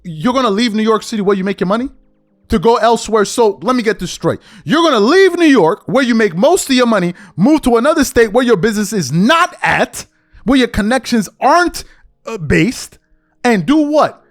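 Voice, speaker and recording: High, lively man ranting on a podcast. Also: moderate pace, faint music behind. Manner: exasperated, repeats rhetorical questions. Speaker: podcast host. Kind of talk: opinion commentary rant.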